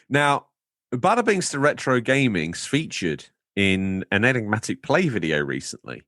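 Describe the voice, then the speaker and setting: A male podcast co-host in loose, casual chat, playful and rambling as he wanders into absurd tangents. His voice is on the low side but swings widely in pitch, and the recording is close and dry. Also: sing-song, unhurried, long pauses, a bit bright, no room sound.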